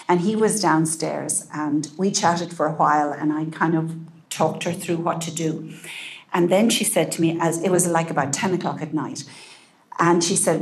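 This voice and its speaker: Low-voiced gentle woman speaker. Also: moderate pace. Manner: gentle, calm, drops to a soft hush. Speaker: parenting speaker. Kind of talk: talk to an audience.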